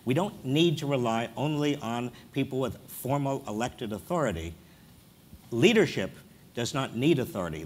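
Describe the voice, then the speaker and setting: A man in his sixties, a professor speaking earnestly on a conference panel before an audience, with many hesitant "uh" sounds. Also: medium pitch.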